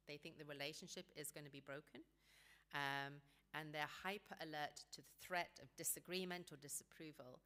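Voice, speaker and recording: A woman giving a seminar talk on parenting teenagers, calm and practical, sometimes acting out what parents and teens might say. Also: sits low. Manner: calm, practical advice, acts out quoted dialogue.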